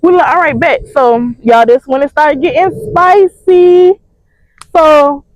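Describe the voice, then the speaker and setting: A young woman, telling a storytime to her viewers in an animated, slangy way. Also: high-pitched, no room sound. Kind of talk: casual storytime vlog. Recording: dry, slightly dull mic sound.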